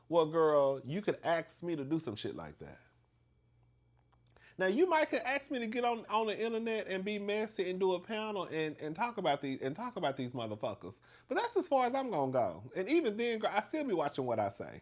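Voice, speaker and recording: Male vlog host, casual storytime gossip, very expressive sing-song delivery, quick to laugh. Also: a little high. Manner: animated and gossipy, keeps calling the listener "girl"; laughs often between lines.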